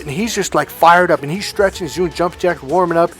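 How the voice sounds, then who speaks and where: A man in a motivational monologue who tells his story in loose, slangy talk and swears freely. His voice sits a little high for a man, and faint music plays behind him. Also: a little fast. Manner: casual and profane, with slang. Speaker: motivational coach.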